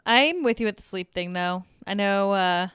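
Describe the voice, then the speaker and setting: A woman co-hosting a podcast, talking in a relaxed, responsive casual chat. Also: medium pitch, moderate pace, clear, resonant tone, dry recording. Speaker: podcast co-host. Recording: dry close recording.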